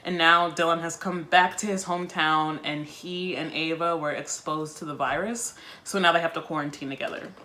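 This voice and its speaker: A woman's voice: low voice, fairly even intonation, moderate pace, hardly any pauses, bright, forceful tone. A woman reading a book aloud on her video channel and breaking off for chatty, wry asides. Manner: chatty, wry asides between read passages. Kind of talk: casual chat while reading a book aloud.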